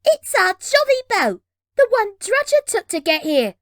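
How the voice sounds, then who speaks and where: A woman voicing an excitable young girl pirate sidekick who speaks high and breathless. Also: measured pace, no echo, clean studio sound, heavily acted. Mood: excited.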